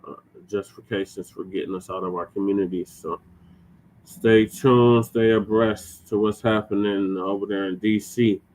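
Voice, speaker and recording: Male co-host, low voice, blunt and exasperated. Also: fairly even intonation, moderate pace, a little mellow, a little hiss or hum, rough recording. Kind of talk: casual political commentary.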